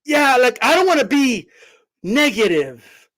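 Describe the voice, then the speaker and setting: A man hosting boxing commentary, ranting in a casual, profane, incredulous way and bursting into shouts. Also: extremely high pitch, sing-song, measured pace. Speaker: boxing commentator, channel host.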